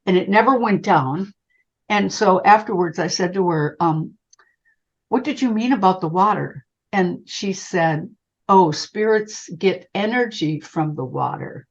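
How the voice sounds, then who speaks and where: Older lady psychic telling a story, lowish voice, kinda muffled lo-fi sound. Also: unhurried. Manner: animated, calls the listener honey. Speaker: psychic medium guest. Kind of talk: storytelling in an interview. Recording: dull lo-fi sound.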